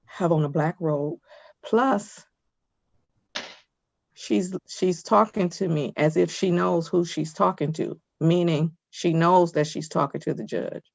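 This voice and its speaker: A woman's voice: fairly low pitch, slow, creaky, darkish tone, dry recording, dull audio. A woman judge sternly lecturing from the bench over a video call, firm and scolding.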